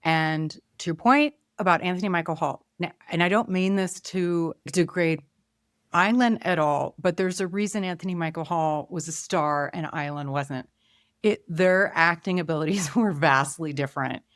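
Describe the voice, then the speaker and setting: A woman's voice: fairly low pitch, moderate pace, no echo, clean studio sound. A woman hosting a casual film review chat, musing aloud, trailing off and restarting her thoughts. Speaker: podcast host.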